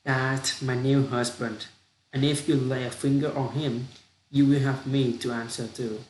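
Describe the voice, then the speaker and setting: A man's voice: medium pitch, little pitch movement, unhurried, natural voice. A man reading aloud, voicing a wife who fiercely defends her husband, in an echoey room. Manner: sharp, protective outburst. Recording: echoey room with faint hiss.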